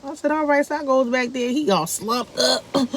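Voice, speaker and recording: A woman vlogger, telling a family story casually to her viewers and acting out the quoted lines. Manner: animated, acts out quoted speech with big pitch jumps.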